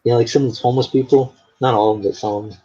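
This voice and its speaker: Man, husky, low voice, rambling casual storyteller, dull lo-fi audio. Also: steady tone, racing, warm tone. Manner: rambling storyteller, many fillers. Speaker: artist hosting a live stream. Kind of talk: casual chat.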